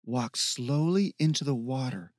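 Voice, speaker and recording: A man's voice: medium pitch, a little slow, no room sound, clean studio sound, lightly acted. A man voicing a stern, fierce young woman warrior who talks in a commanding, intense way.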